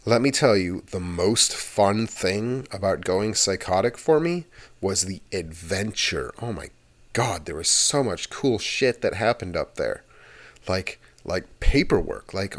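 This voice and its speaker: A young man with a deep, low-pitched voice talks in a loose, meandering way, hosting his ASMR channel. He drifts from point to point in a chatty monologue and swears casually now and then.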